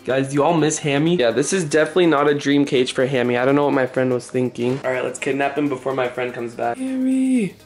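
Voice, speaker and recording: A young man vlogging to his camera in an excitable, chatty way, full of "like" and "guys". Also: mid-range voice, fast, hardly any pauses, faint music behind. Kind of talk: casual vlog talk to camera.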